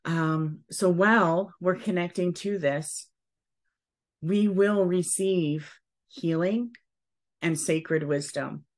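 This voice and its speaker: A woman leading a spiritual cacao ceremony at home, speaking gently and soothingly, often checking in with "okay". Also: low voice. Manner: slow, gentle, soothing guidance with frequent "okay". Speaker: ceremony leader.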